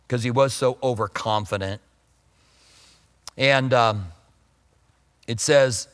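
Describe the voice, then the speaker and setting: A pastor with a medium-pitched, slightly bright voice preaches a sermon conversationally, acting out the voices of those he quotes. A long reverb tail trails his words.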